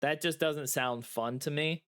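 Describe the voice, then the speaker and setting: A man's voice: fairly high pitch, a little slow, a bit bright, clean tone. A man co-hosting a podcast in casual chat over a remote call, joking and playfully stubborn. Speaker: podcast co-host. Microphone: remote call mic.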